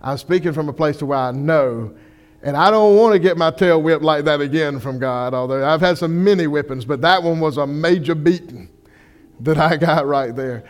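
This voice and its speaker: A man's voice: on the high side, moderate pace. A young man, a pastor delivering a sermon in a folksy storytelling way, acting out the people he quotes. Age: young adult.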